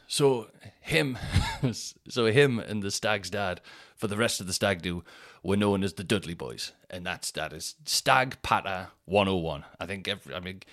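A man hosting a podcast, telling a casual anecdote in a rambling way, with quick restarts and acted-out quotes. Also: lowish voice, fairly bright tone. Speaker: podcast host.

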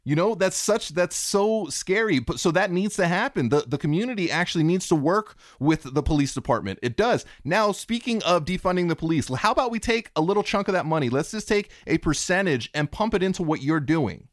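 A man hosting a podcast in casual chat, expressive and emphatic, sometimes halting over his words. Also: sits high, dry recording, clean studio sound. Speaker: podcast host.

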